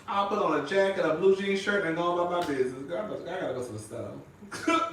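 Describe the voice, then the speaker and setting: A man's voice: sits high, fast, fairly bright tone, far from the mic, slight background noise. A man chatting sassily to his viewers, calling everyone "girl" and "honey" and breaking into laughter. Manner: flamboyant, sassy, says "girl" and "honey" constantly, bursts into singing and laughter. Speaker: vlogger. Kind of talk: casual chat to viewers. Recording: echoey room, voice off-mic.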